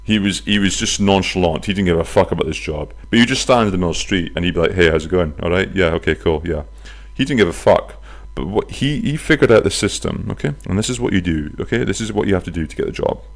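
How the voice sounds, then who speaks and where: A man hosting his own podcast, chatting casually from his flat, telling stories with silly voices and some swearing. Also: deep voice, quick pace, hardly any pauses. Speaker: podcast host. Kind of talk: casual solo podcast chat. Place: flat near a bus stop.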